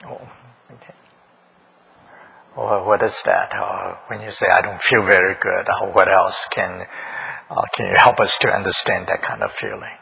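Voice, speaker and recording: A man's voice: sits low, lively intonation, moderate pace, vocal fry, pauses often, bright, forceful tone, breathy edge, low-quality recording. A man preaching a sermon in a church, questioning the congregation, repeating their answers and chuckling often. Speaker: pastor. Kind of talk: interactive sermon.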